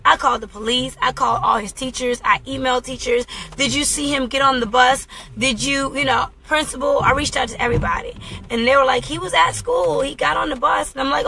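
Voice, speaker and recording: A woman's voice: high voice, vocal fry, sharp tone, poor audio. A woman in her thirties hosting a talk radio show, telling a personal story in an earnest, exclaiming way. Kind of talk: casual talk radio monologue.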